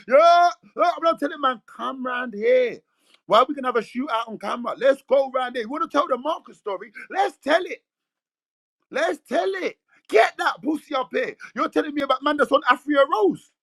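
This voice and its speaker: A man's voice: very high-pitched, dry recording. A man with a London accent ranting aggressively in slang, boasting and calling people out. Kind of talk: heated rant.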